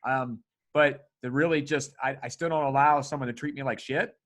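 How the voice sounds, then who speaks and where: A male podcast host talking in a casual, excitable way, swearing often and laughing. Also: medium pitch, moderate pace.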